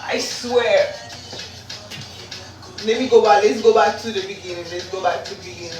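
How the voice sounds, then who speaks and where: A woman's voice: mid-range voice, normal speed. A woman chatting casually on a livestream while she cooks, blunt and profane, talking straight to her viewers on a phone. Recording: echoey room with loud music behind.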